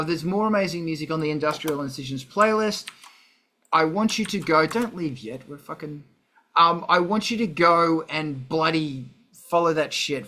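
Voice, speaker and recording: A man's voice: on the high side, sharp tone. A man with an Australian accent hosting a casual live stream, rambling and swearing often. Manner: rambling, profane, sidetracked. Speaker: livestream host.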